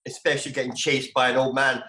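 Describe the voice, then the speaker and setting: A Scottish man chatting animatedly as a comedian guest on a video call, breaking into high exclamations. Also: little pitch movement, fast, sharp tone, echoey room. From Scotland. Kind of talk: casual video call chat.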